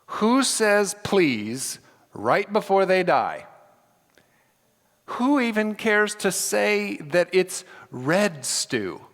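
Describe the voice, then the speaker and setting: Male pastor, animated sermon delivery acting out scenes, recorded in a church with long reverb. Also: high voice, drawn-out words. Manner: animated, acts out scripture with dramatic voices. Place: church sanctuary.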